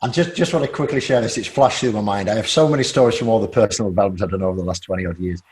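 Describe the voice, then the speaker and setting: A man's voice: lowish voice, rapid-fire, darkish tone. A man hosting a podcast, chatting casually with a guest and telling stories. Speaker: podcast host. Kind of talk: casual interview chat.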